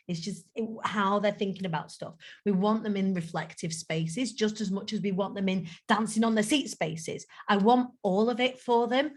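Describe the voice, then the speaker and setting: A woman running a group coaching call for event speakers, chatty, encouraging and quick to laugh at herself. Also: mid-range voice. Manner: chatty, self-deprecating, encouraging.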